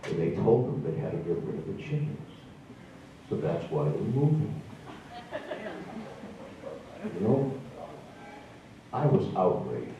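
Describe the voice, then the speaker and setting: A man's voice: low-pitched, sing-song, takes it slowly, pauses often, distant mic, noisy background. A man, telling wry, self-deprecating stories to a live audience. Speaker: storyteller. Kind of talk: stand-up storytelling. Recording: echoey room from afar, dull sound.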